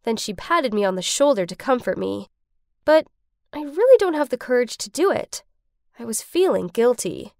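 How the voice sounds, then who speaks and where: A woman's voice: a little high, sing-song, normal speed, gravelly, darkish tone, no echo, clean studio sound. A young woman narrating a story in the first person, with an emotional telling.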